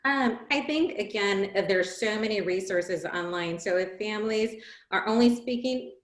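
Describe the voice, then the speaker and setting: A woman's voice: mid-range voice, measured pace. Woman presenter in an echoey room. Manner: animated, acts out examples in lively voices. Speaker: webinar presenter. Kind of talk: webinar Q&A answers. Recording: roomy echo.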